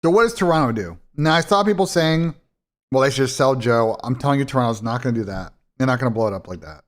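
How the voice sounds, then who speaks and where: A man's voice: medium pitch, lively intonation, fast talker. A man hosting a live esports watch party in casual, blunt, profane talk that rambles and restarts. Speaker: esports streamer and commentator.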